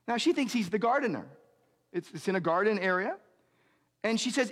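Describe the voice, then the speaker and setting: A man preaching a sermon as pastor, earnest and emphatic, slowing down on key lines and speeding through asides. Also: sits high, animated, a bit bright, big-room sound.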